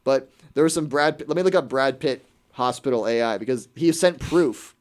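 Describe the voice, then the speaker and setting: A man hosting a radio show, ranting in a quick, exasperated way and putting on mock quotes during casual chat. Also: medium pitch.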